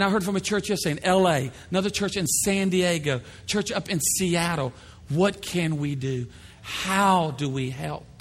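Pastor preaching to his church, animated with voices put on; high man's voice in a reverberant sanctuary. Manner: animated, acts out voices of others. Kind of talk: sermon. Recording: long hall reverb.

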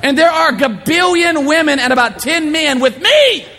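A man preaching a sermon, telling playful stories and acting out shouted voices. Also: very high voice, normal speed, long reverb tail. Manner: animated, playful storytelling with shouted impressions. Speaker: pastor.

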